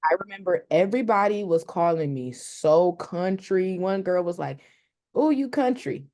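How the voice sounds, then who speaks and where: A young woman from Detroit, Michigan, with a lowish voice and a Detroit accent, co-hosts a casual podcast chat. She's animated, laughs easily, and acts out the voices of the people she quotes.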